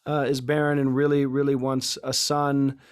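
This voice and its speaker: A man's voice: medium pitch, monotone, moderate pace, clear, resonant tone. Thoughtful man explaining scripture context. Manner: thoughtful, explanatory, many fillers. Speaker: podcast co-host. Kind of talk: casual Bible discussion.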